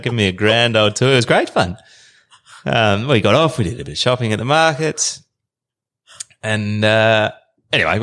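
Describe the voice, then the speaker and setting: A fairly low-pitched, fairly bright voice belongs to an Australian man in his thirties. As a podcast guest, he tells a long, meandering story about his travels in a laid-back manner.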